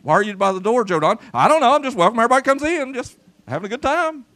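Speaking very fast in a very high-pitched voice, a man preaches to his church as its pastor. The sermon is a folksy, animated piece of storytelling, and he calls out to the congregation throughout the service.

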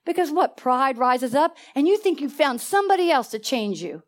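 High-pitched female preacher, emphatic and lively, drawing answers from the congregation. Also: normal speed. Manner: animated, emphatic call-and-response preaching with laughter. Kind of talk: sermon. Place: church sanctuary.

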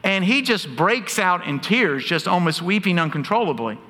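A man's voice: high-pitched, lively intonation, normal speed, pushed and bright. A man, preaching a sermon as pastor, telling stories earnestly with touches of humor. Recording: long hall reverb.

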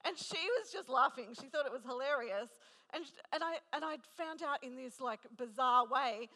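Bright, high-voiced woman preaching in a reverberant hall. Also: normal speed. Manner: chatty, self-deprecating, animated storytelling. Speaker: preacher at a women's gathering. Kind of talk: conversational sermon with personal story.

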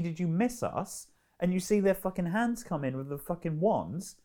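A man co-hosting a casual film podcast, animated and swearing freely as he rants. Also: high-pitched. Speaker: podcast co-host.

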